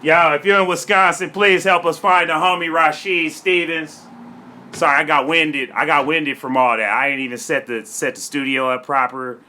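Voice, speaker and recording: A man's voice: fairly high pitch, steady tone, moderate pace, bright, forceful tone, slight background noise. A man from Florida, a comedian and rapper, freestyling and then telling a story in a brash, profane, streetwise way. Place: home studio.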